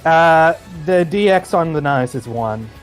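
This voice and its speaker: A man's voice: fairly high pitch, expressive, unhurried, faint music behind. A young man as a player in a tabletop game, talking casually with hesitations. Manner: hesitant, filler-heavy.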